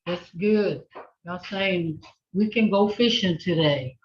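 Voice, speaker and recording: A woman leads a language class over a video call, speaking very slowly and patiently as she models each word to be repeated. The audio is dull and lo-fi, like a compressed call. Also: lowish voice. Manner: patient, slow, repeats words for the learner. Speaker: language instructor. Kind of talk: online language lesson with call and response.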